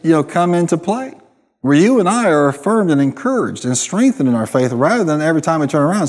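A man's voice: on the high side, darkish tone, big-room sound. A man preaching a sermon, emphatic, often calling on the congregation to answer. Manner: emphatic, calls for responses from the congregation.

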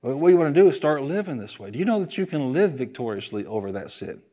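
A male pastor preaching a sermon, animated and joking, leading the congregation in call-and-response. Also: mid-range voice, quick pace.

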